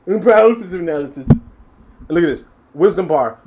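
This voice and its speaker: New york man, animated profane reaction streamer, slightly high voice. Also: brisk. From USA. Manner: animated, profane, laughing asides. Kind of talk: live reaction commentary.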